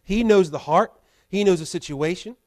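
A man's voice: high voice, moderate pace. A male pastor preaching a sermon in a church, earnest and full of repeated rhetorical questions. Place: church sanctuary.

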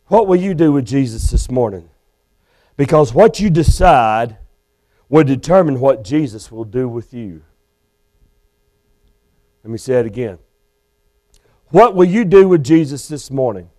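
A man's voice: medium pitch, warm tone. A male Baptist preacher delivering a sermon in a church, urgent and pleading with his listeners. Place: church sanctuary.

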